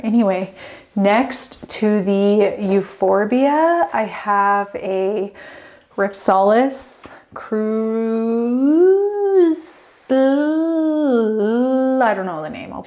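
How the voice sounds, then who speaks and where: A young woman talks her way through a home plant tour in a chatty, bubbly vlog voice. She rambles easily into side stories and gushes over what she shows. Her pitch sits in an ordinary middle range. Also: extremely slow, a little mellow. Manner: chatty, rambling, goes off on tangents; bubbly, gushing. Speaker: plant vlogger. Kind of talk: casual home tour walkthrough.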